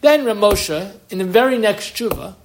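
A man leads a Torah class, voice jumping up and down as he poses a question and then answers it. He slurs his L sounds a little, and the pace is quick and lively. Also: sits high, a little hiss or hum. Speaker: Torah teacher. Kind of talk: explaining Jewish law in a class.

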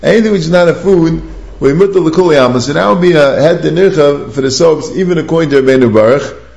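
A man's voice: a little high, quick pace, gravelly, a little mellow, reverberant, dull audio. A man giving a Talmudic study lecture, reasoning aloud through sources and posing questions to himself as he goes. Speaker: rabbinic lecturer.

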